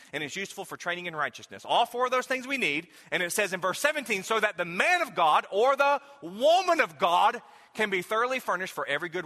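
Male pastor, sermon delivery, conversational and questioning, piercing bright tone. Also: high-pitched, big-room sound. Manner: conversational, self-questioning preaching with repeated rhetorical questions. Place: church sanctuary.

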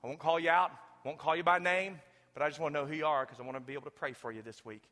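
Preacher guy pleading with the congregation, kinda high voice, echoey sanctuary. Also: steady tone, very fast. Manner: earnest, building to fervent appeals, drops to hushed whispers. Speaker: pastor. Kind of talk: sermon with altar call. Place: large church sanctuary with balcony. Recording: long hall reverb with faint music.

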